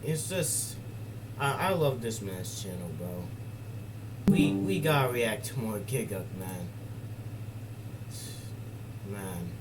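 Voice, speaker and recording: Male streamer, casual and excitable, slow delivery, noisy hiss behind. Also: mid-range voice, far from the mic. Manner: loose, slangy and excitable, laughs a lot. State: out of breath. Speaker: streamer reacting to a video. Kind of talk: casual live-stream chat.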